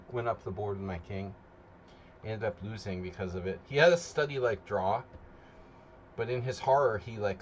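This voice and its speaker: A man's voice: fairly low pitch, a little hiss or hum. Loose, rambling male chess streamer. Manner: rambling, loose and chatty, talking to chat while setting up. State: tired after a nap. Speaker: chess streamer hosting a simul. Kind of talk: casual live-stream chat.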